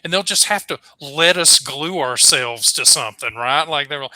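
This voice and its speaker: A man's voice: on the high side, normal speed, few pauses, sharp tone, no room sound. A man playing in a tabletop game session, cracking playful jokes at the table. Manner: playful, wisecracking. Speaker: player. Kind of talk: joking table chatter.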